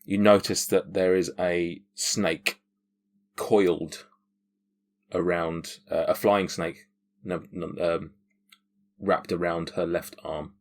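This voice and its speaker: A man's voice: low voice, little pitch movement, slow pace, pauses often. Hesitant man running a game. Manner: hesitant, full of ums and restarts. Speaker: game master. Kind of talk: narrating a tabletop game.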